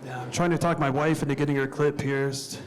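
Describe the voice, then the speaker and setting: A man doing a stand-up set on a club stage, telling crude, self-deprecating stories in a deadpan way and acting out what people said. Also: mid-range voice, a little fast. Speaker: stand-up comedian. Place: comedy club stage before a live audience. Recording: live club recording with crowd laughter. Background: audience laughing.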